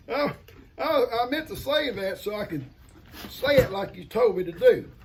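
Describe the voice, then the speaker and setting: Lively high-voiced older man. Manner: chatty, folksy, talks to his pets. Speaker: vlogger opening gifts. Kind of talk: casual chat to camera. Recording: noisy home recording.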